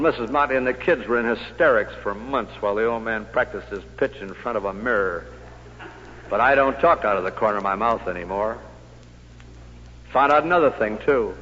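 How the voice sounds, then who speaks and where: Male speaker, motivational sales talk, punchy rhetorical style; long hall reverb, muffled vintage recording. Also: medium pitch. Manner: punchy storytelling with rhetorical questions. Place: meeting hall with audience. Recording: echoey hall on dull old recording.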